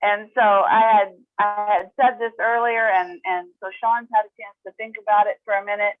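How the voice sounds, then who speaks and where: A woman moderating a casual Zoom Q&A, explaining in a relaxed, friendly way. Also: medium pitch, normal speed, no echo. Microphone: video call. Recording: tinny phone-line audio.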